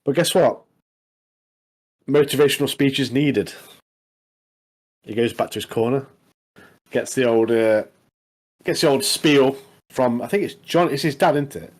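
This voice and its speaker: A man's voice: medium pitch, a little slow, pauses often, low-quality recording. A man recapping a show on a casual podcast. His talk rambles along, full of tag questions like "doesn't he" and "mate". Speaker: podcast co-host. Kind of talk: casual chat recapping a TV episode.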